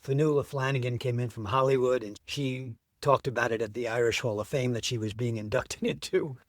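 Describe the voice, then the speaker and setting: A middle-aged man tells his story as an interview guest, carried along by eager enthusiasm. His voice sits at an average pitch for a man. The sound is dry and close, with no room echo. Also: a little fast.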